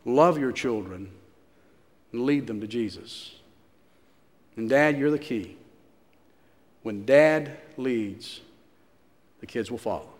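A pastor preaching a sermon, telling a story and repeating phrases for emphasis. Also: male voice, medium pitch, slow pace, long pauses, in a large hall.

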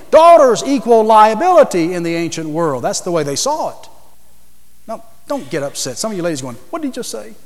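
A man's voice: high-pitched, big-room sound. A man preaching a sermon to a congregation, emphatic, asking questions and repeating his key points.

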